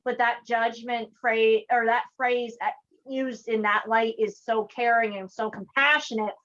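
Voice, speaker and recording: A woman's voice: a little high, steady tone, a bit bright, highs cut off. Playful, blunt woman cutting in. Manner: playful and blunt, jumps in with quick jokes. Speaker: interview guest, cosplayer. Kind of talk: casual chat.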